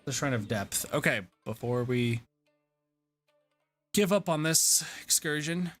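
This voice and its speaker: A man's voice: on the high side, expressive, unhurried, a bit bright, soft background music. Rambling man streaming a game. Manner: rambling, self-deprecating, with many fillers. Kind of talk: casual gaming commentary.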